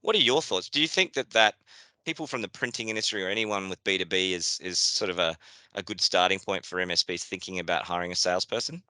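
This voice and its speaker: A man's voice: low voice, fast, pushed and bright, no echo. A man with a New Zealand accent hosting a business webinar in a chatty, casual way, with fillers and restarts. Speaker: webinar host. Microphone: video call.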